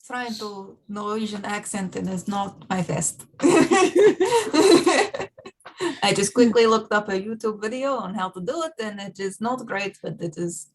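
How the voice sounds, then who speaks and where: A woman's voice: mid-range voice, expressive, unhurried, low-quality recording. A woman in a tabletop role-play laughs at herself as she chats. A faint hiss runs under her voice. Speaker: player. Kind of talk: casual chat in a tabletop game.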